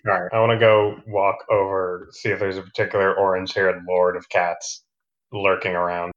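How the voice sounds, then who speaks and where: Male player, low voice, dull lo-fi mic, easygoing table talk. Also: little pitch movement, normal speed, fairly bright tone. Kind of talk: casual tabletop role-play.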